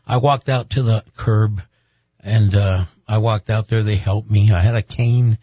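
A man's voice: fairly low pitch, unhurried, slightly rough, no room sound. A middle-aged man, a pastor, telling a personal story in an interview, acting out the voices of the people in it. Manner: lively storyteller who acts out quoted voices. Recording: dull, dry, slightly muffled recording.

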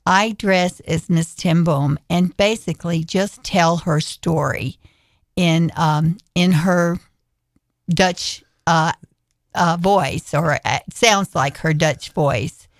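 A woman guest in a radio studio, speaking in a slow, earnest way with pauses. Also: on the low side, no echo. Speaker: guest performer. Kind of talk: radio interview.

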